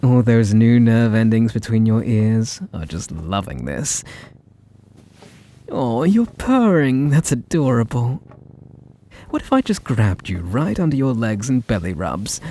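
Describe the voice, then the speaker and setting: A man with a British accent playing a possessive, sweetly menacing young male mage in an ASMR role-play, talking in a soft, teasing, condescending way. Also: fairly low pitch, big pitch swings, moderate pace, hardly any pauses. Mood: soothing.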